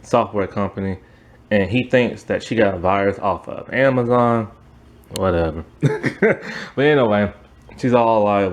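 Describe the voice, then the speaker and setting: Speaking in a lowish voice, this man reviews a TV series casually and with lots of energy, recapping the plot as he goes. Quick asides let him voice the characters' lines, and exasperated outbursts punctuate his take.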